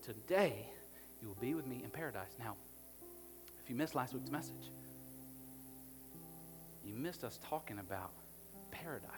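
A male pastor preaching to a live congregation, swinging between hushed, almost whispered passages and loud, emphatic ones. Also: mid-range voice, lively intonation, moderate pace, pauses often. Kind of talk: sermon. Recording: long hall reverb with faint music behind.

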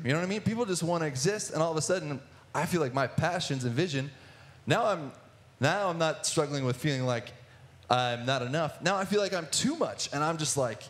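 A young man in his twenties telling his personal testimony in church, earnest, with many restarts and filler words. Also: fairly high pitch. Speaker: guest speaker sharing testimony.

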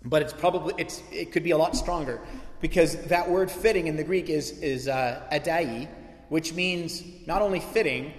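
A man's voice: on the high side, normal speed, reverberant, in a large hall. A man preaching a sermon as pastor, emphatic and repetitive, building in intensity.

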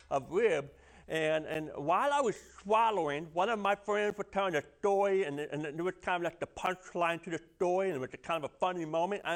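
A man preaching a sermon, telling a personal story with many stammered restarts. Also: on the high side. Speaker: pastor.

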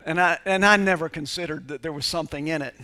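A man's voice: a little high, fast talker, pushed and bright, slight background noise. A male pastor telling a personal story in a sermon, acting out bits of dialogue and joking with his congregation. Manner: conversational preacher, quoting dialogue, laughing with congregation.

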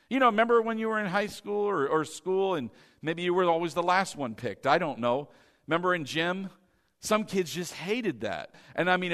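A male pastor with a high, bright voice that leaps up and down as he preaches. He laughs often and calls out for amens. The sound carries a long reverb, like a church hall. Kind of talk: lively sermon.

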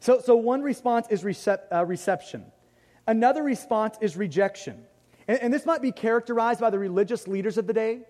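Here the pastor sounds high-pitched and darkish, speaking a little fast. Conversational and self-deprecating, he reinforces points by repeating them, heard through long hall reverb.

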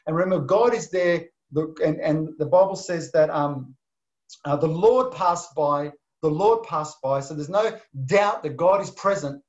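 A man preaching a sermon, swinging from emphatic bursts to soft, near-whispered lines. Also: fairly high pitch, a little slow. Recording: dull lo-fi sound.

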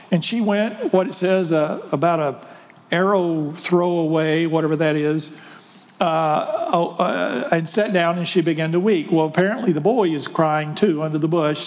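Man preaching in a church, chatty storytelling, kinda high voice, long echo. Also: moderate pace. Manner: storytelling, conversational with rhetorical questions. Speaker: pastor. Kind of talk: sermon.

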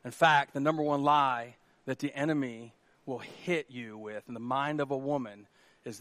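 A male pastor preaching a sermon in an animated, joking way, shouting at times for emphasis. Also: medium pitch, normal speed, dry recording.

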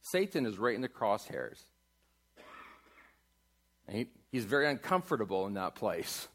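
A man preaching a sermon in a church, asking his congregation questions and building to loud climaxes. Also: fairly low pitch, very animated, moderate pace. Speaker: pastor. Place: church sanctuary.

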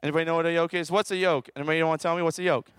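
A man with a high, smooth voice preaches a lively, joking sermon as a children's minister, constantly prompting listeners to answer aloud. The sound is close and dry, with no room echo. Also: rapid-fire. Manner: playful, calls out for audience participation.

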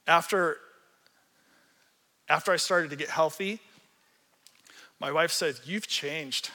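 A man pastor preaching a sermon in an animated, earnest storytelling way, acting out the quotes he tells. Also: on the high side, slow pace, in a large hall.

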